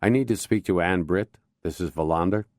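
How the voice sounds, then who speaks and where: A man's voice: sits low, fairly quick, a little mellow, no echo, studio quality, close to an everyday voice. Man reading a weary, restrained police inspector. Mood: tense. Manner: restrained, tense.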